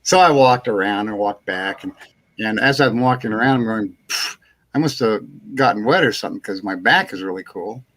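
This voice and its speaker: A man's voice: fairly low pitch, normal speed. Chuckling man telling a rambling story. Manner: rambling, animated anecdote-telling with chuckles and acted-out quotes. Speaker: host. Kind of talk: casual storytelling on a live chat show.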